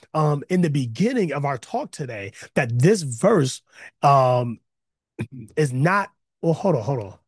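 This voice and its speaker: Casual online preacher, male, lively swings in pitch, dead-dry close sound, slangy asides, builds to emphatic repeats. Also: breathy edge, no echo. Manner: energetic, building to emphatic repetition; conversational slang, self-interrupting asides. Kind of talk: online sermon with chat interaction. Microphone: close mic, video call.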